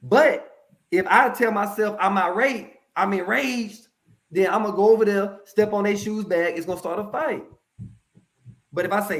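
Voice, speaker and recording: A man speaking as a mental health professional in a casual interview, telling stories in a lively, colloquial way and addressing the audience directly. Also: high voice, moderate pace. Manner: animated, colloquial, preachy asides to the audience.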